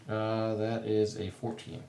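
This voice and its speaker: A man playing a tabletop game, relaxed and matter-of-fact. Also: on the low side, slow, reverberant, far from the mic, slight background noise. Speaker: player. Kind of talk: casual tabletop play.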